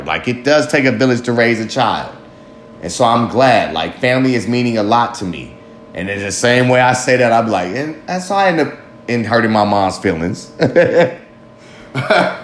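A man with a mid-range voice talks candidly to camera in a rambling, self-reflective monologue, swearing freely and often laughing at himself. The recording carries a little hiss or hum, a roomy echo and faint ambience.

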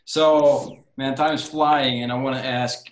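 Brief: mid-pitched male podcast host, chatty and conversational, recorded in a roomy, echoey space. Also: steady tone, slow. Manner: conversational, frequent brief backchannels. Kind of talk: interview conversation. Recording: echoey room.

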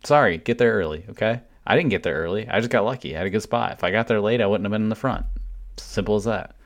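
A man with a very low voice tells a story on a podcast, blunt and loose, dropping swear words without a second thought. The delivery is relaxed, conversational and unpolished. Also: fast talker. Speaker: podcast co-host. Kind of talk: casual profane storytelling.

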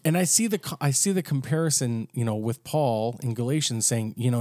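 A man's voice: medium pitch, fairly quick, warm tone, no echo. A man co-hosting a casual faith podcast, thinking aloud with frequent restarts and asides. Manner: conversational, thinks aloud with restarts and "you know". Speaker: podcast co-host.

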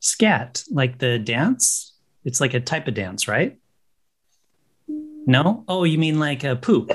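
A man's voice: mid-range voice, big pitch swings, takes it slowly. Male American podcast host, playful, bantering. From United States. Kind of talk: casual podcast chat.

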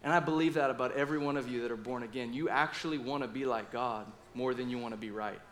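Passionate, bright-voiced male preacher. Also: medium pitch, fast talker. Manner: passionate, animated preaching with asides and quoted inner dialogue. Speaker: pastor. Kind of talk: sermon.

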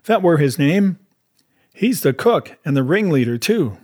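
Brief: a man playing an excitable, rambling old marooned sailor in an audiobook, rustic talk, raised pitch and volume. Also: a little slow. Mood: excited. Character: half-crazed marooned old male castaway, excitable and rambling. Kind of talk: audiobook character voice.

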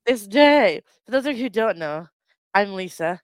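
A woman's voice: mid-range voice, expressive, normal speed, clean tone, dry recording, clean studio sound. A woman from the UK co-hosting a casual chat podcast, giggly, rambling and sweary. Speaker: podcast co-host.

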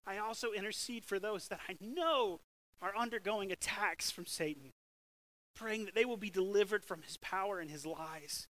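A man preaching a sermon with lively swings between loud, emphatic bursts and hushed, slow scripture reading. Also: sits high, low-quality recording. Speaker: pastor.

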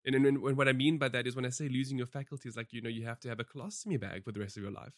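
Lively man chatting on a podcast. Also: medium pitch, very fast, dry recording, clean studio sound. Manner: animated and talkative, with many fillers and restarts. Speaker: podcast co-host reviewing films and shows. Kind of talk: casual review chat.

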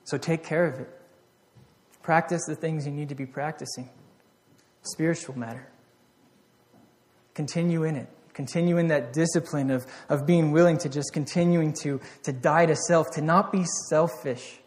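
A man preaching a sermon, earnest, swinging from loud exhortation to hushed reflection, often repeating and restarting his phrases. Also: a little high, fairly even intonation, normal speed, long reverb tail.

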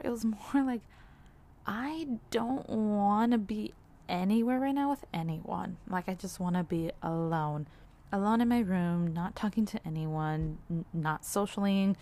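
A young woman talking candidly in a personal vlog, rambling a little, with frequent "like"s and soft laughs. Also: medium pitch. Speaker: vlogger.

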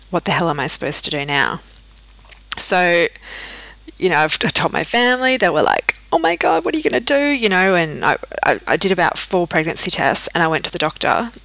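Candid woman with a bright voice. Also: low-pitched, no room sound, poor audio. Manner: candid, frequent restarts and fillers. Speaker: podcast host. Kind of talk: personal storytelling.

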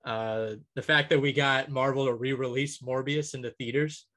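A man in casual podcast chat, working through a long list out loud. He fills the gaps with ums and uhs and laughs lightly at his own picks. His voice sits at an ordinary middle pitch. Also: fairly even intonation, normal speed. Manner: rambling list with many ums, chuckling. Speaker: podcast co-host.

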